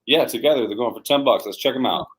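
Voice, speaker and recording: A man's voice: medium pitch, quick pace, a bit bright, low-quality recording. Easygoing man calling out comic deals. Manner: easygoing, lists deals and repeats "folks". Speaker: co-host of a live comic shop sales show. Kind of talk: live sales pitch.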